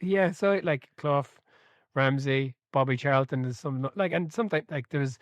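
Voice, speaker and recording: A man hosting a book club podcast, chatting casually and telling stories with animated energy, laughing and swearing freely. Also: mid-range voice, moderate pace, dry recording, lo-fi sound.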